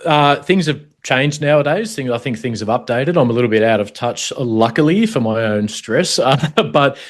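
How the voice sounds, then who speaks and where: A man's voice: medium pitch, expressive, normal speed. Frank, chatty Australian man. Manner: frank, chatty, swears casually. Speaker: podcast guest, former police officer. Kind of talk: casual interview chat.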